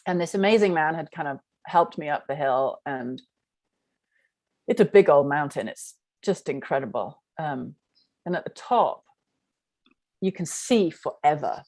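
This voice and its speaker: A middle-aged spiritual workshop teacher leads an online class, frankly telling a rambling personal story packed with "like." Her deep, darkish voice is expressive and a little slow, with long pauses, in a dry recording.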